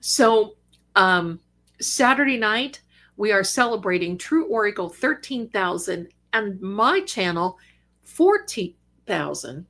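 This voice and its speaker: An older woman hosting a psychic live stream in casual, affectionate chat, calling her viewers darlings, with bursts of lively excitement. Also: medium pitch, slow. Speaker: psychic livestream host.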